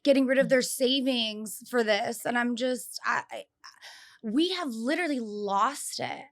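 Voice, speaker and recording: A woman co-hosting a podcast, telling stories in relaxed casual chat and dropping quieter in the middle of them. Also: a little slow. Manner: relaxed storyteller who drops soft and low into anecdotes. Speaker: podcast co-host.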